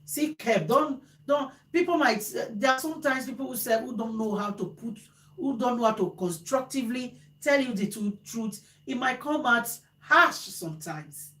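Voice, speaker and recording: A woman talking casually to viewers as host, animated and repeating phrases for emphasis. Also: fairly high pitch, normal speed. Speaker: vlogger host. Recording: echoey room.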